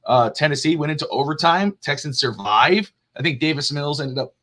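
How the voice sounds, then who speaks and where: A man hosting a casual sports talk show, rambling and jokey and quick to laugh. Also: on the high side, sharp tone. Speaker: podcast host.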